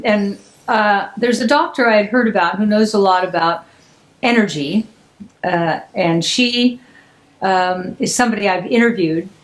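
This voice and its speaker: An older woman hosting a podcast, chatting casually and telling stories with emphatic, animated delivery. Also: medium pitch, low-quality recording. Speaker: podcast host. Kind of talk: casual chat.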